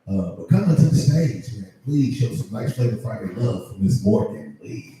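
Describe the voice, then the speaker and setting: A man's voice: fairly low pitch, expressive, moderate pace, heavy background noise. A man hosting a comedy night, chatting with the crowd in a laid-back way before he brings up the next act. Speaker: open mic host. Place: comedy club. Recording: echoey club room, mic from far.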